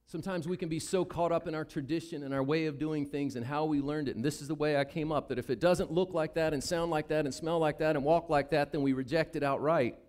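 Speaking fast and barely pausing, this Southern US pastor with a fairly high-pitched voice preaches animatedly. He gives the Bible characters their own voices as he acts out their lines.

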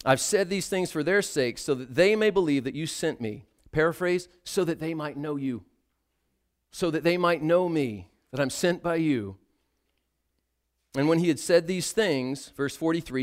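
Slow, high-voiced man preaching. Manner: dramatic, swings from hushed to loud. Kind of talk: sermon.

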